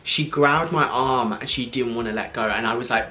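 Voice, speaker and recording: A man in his twenties, telling a story to camera in an excited, gushing way, full of "like" and breathless restarts. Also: medium pitch. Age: 20s. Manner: gushing, fast, filler-heavy with frequent "like". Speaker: vlogger.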